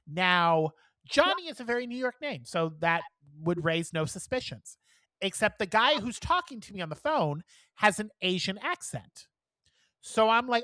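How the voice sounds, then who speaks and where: A woman co-hosting a podcast, telling a story in a casual, animated way, swearing freely and acting out the people she quotes. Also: fairly low pitch, normal speed, dry recording. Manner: animated, profane, acts out quoted dialogue. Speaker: podcast co-host.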